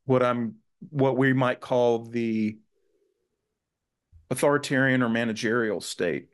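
A man speaking as a guest on a podcast, his pitch sitting in an ordinary middle range. He talks earnestly and thoughtfully, often restarting his sentences as he works through his ideas. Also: slow. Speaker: guest author. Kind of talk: conversational podcast interview.

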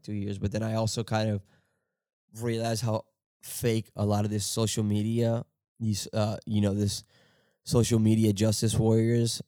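A young man hosting a podcast, talking in a halting, profane, rambling monologue and laughing often. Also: lowish voice, warm tone, no room sound, studio quality. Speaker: podcast host.

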